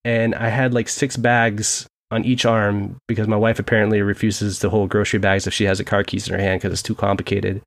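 A man's voice: on the low side, brisk, few pauses. A young man from the Seattle area, co-hosting a podcast in casual, joking, rambling chat. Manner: rambling, joking, animated storytelling. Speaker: podcast co-host.

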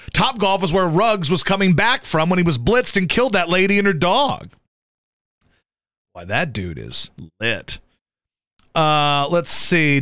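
Animated, bright-voiced male radio host. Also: no room sound, studio quality. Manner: animated, profane, mimics people in sudden high yelps. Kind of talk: casual sports talk banter.

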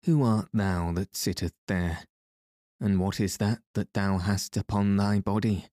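A cheerful, daring outlaw who teases in an old-fashioned, courtly way, as a man reading the story puts him on. The voice is low and mellow, with unhurried delivery. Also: steady tone, no room sound, clean studio sound, close to an everyday voice. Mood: friendly. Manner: playful, mock-courtly old-fashioned speech. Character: merry, bold male outlaw hero, teasing.

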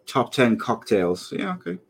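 A man in his late thirties chatting casually as a podcast co-host. He's full of jokey banter and laughs easily, and his voice sits at an ordinary middle pitch. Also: sing-song, measured pace, vocal fry. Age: 30s. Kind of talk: casual chat.

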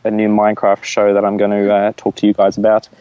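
A man's voice: fairly low pitch, monotone, fast talker, dark tone, clear, resonant tone, no room sound, dull audio. A man chatting and joking casually as a podcast co-host, calling in from outdoors. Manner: joking, playful put-on Australian voices. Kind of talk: casual chat. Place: outdoors on holiday.

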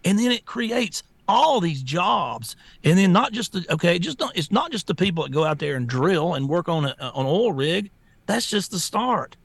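A man's voice: high voice, normal speed, gravelly, no echo. A man co-hosting a political talk show, ranting bluntly with many restarts. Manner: blunt, repetitive restarts, animated rants. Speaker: co-host.

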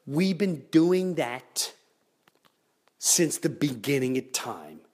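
A man's voice: on the high side, big pitch swings, slow, long pauses, a little mellow. A middle-aged man hosting a podcast, ranting comedically and mimicking other people in raised voices. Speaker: podcast host. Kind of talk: animated comedic rant.

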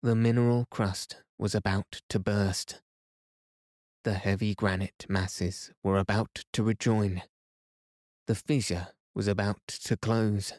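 Slow, low-voiced male sleep-story reader. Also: no echo, studio quality. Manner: slow, soothing, even reading. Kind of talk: calm sleep-story narration.

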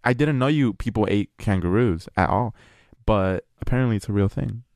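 A young man with a lowish voice co-hosts a relaxed podcast chat, full of laughs, swearing and filler words. He is from California, and his voice sits close and dry on the mic with no room sound. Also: moderate pace, creaky, dry recording. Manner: swearing, laughing, says like a lot. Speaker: podcast co-host. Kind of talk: casual chat.

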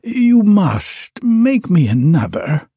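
A man voicing a fretful old male wizard, speaking in a slow, raised, pleading way. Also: sits high, very animated, warm tone, breathy edge, no echo, clean studio sound, voice pushed up, full character voice.

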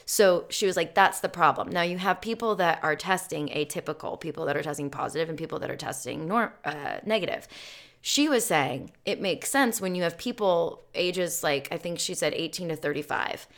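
A woman co-hosting a casual podcast, talking at length in a low voice with a gravelly fry. She laughs easily and retells what friends told her in a loose, chatty way. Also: lively intonation, normal speed. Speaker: podcast co-host. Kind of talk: casual chat.

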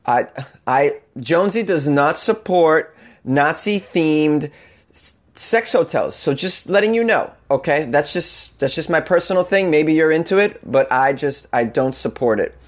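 A man's voice: fairly high pitch, lively intonation, unhurried. A man with a Boston accent hosting a comedy news show, riffing with sarcasm and mock outrage and laughing at his own jokes. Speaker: comedian podcast host.

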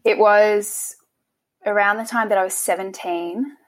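A young woman, interviewed about her past, speaking in a soft, halting way and often restarting her sentences. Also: medium pitch, steady tone. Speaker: interview guest. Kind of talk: emotional personal interview.

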